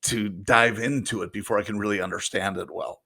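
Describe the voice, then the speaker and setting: A man's voice: lowish voice, steady tone, brisk, vocal fry, sharp tone. A man co-hosting a casual podcast, rambling through his points and laughing and teasing often. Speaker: podcast co-host.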